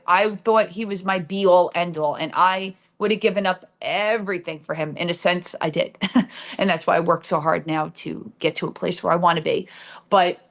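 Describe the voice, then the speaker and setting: A middle-aged woman with a New Jersey accent, candidly telling a personal story on her own live stream show, with many fillers and restarts. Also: on the low side. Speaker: show host.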